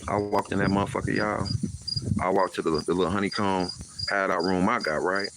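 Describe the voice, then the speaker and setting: Low-voiced man telling a street story. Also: brisk, vocal fry, very noisy. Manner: animated, acts out quoted voices, heavy slang. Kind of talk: casual storytelling.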